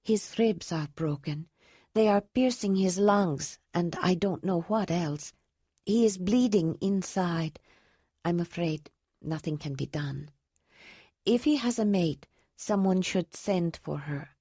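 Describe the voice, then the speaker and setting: A gentle, steady healer woman speaks carefully about an injured man, as a woman narrator reads her part. Her low voice stays calm, and the reading sounds close and dry. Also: breathy edge, dry recording, exaggerated voice. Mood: grave. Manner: gentle, measured.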